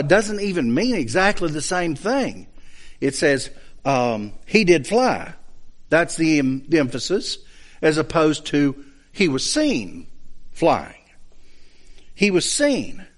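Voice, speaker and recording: A man's voice: a little high, a bit bright. A man teaching a Bible study lesson, explaining points step by step and checking in with his listeners. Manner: explains slowly, checks understanding with asides.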